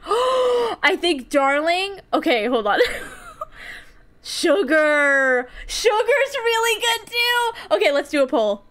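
A young woman live-streaming a farming game, chatty and excitable, often giggling and reacting out loud. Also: high voice.

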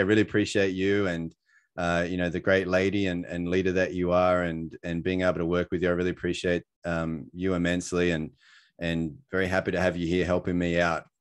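A man with an Australian accent talks through a presentation on a video call. His voice sits a little low, and he rambles in a friendly way, full of "um" and "you know", with a laugh at his own expense now and then. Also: clean tone. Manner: chatty, many fillers, laughs at himself. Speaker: presenter sharing his story.

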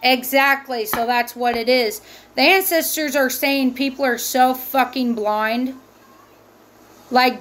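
A woman's voice: sits high, slow pace, fairly bright tone. A woman giving a tarot reading, heated and emphatic and swearing freely. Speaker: tarot reader. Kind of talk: spiritual tarot reading monologue.

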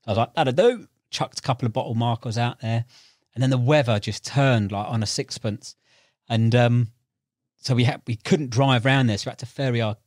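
A young man, a podcast guest, telling stories in casual chat, animated and laughing, acting out voices now and then. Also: mid-range voice, fairly quick, no room sound, clean studio sound. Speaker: podcast guest, tackle shop owner and angler.

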